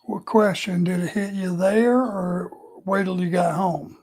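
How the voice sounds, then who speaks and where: A man's voice: high-pitched, fairly even intonation, measured pace, a little mellow. An older man with a Southern US accent, co-hosting a casual podcast, laid-back and plainspoken. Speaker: retired wrestler, co-host.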